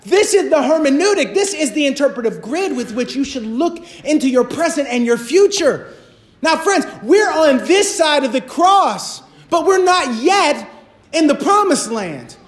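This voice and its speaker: A man preaching a sermon as a pastor, passionate and repetitive, rising to shouts. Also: extremely high pitch.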